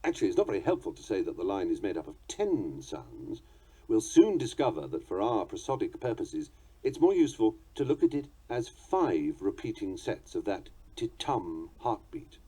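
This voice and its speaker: A man reading a book on poetry aloud in a measured, articulate and playfully precise manner. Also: on the low side, very animated, dark tone, husky. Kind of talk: audiobook narration.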